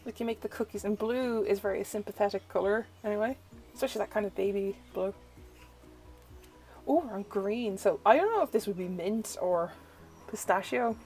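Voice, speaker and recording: A young woman tarot reader gushes over her first look at an oracle deck, chatty, easily delighted, and saying "like" constantly. Her medium-pitched voice is brisk and darkish, with faint music behind a rough recording.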